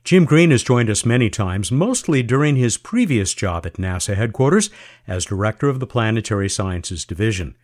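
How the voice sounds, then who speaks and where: A man hosting a science radio interview, chatty and lively, with jokey asides. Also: on the low side, moderate pace. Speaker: podcast host.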